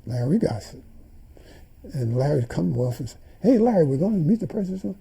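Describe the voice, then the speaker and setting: A man's voice: fairly high pitch, sing-song, brisk, gravelly, mellow, slightly rough, low-quality recording. An older man in an interview, animatedly retelling events and acting out the dialogue he quotes. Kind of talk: storytelling in an interview.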